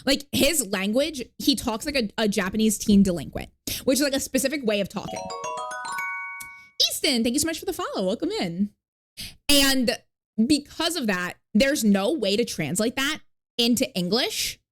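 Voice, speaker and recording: A woman's voice: a little high, lively intonation, moderate pace. A woman streamer chatting casually with her viewers. She rambles with lots of fillers, swears freely and stops to thank new followers. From not New York. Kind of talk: casual live-stream chat.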